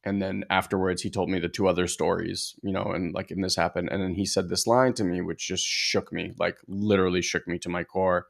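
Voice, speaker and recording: A man's voice: deep voice, little pitch movement, brisk, gravelly, hardly any pauses. A man co-hosting a podcast, telling a personal story as a father in an earnest, reflective way, full of filler words. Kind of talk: casual conversational storytelling.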